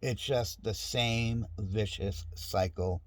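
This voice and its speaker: A man's voice: on the low side, fairly even intonation, slow pace, dry recording. A middle-aged man in a casual, rambling monologue at home, frustrated and restarting often. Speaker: vlogger. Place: home with dogs nearby.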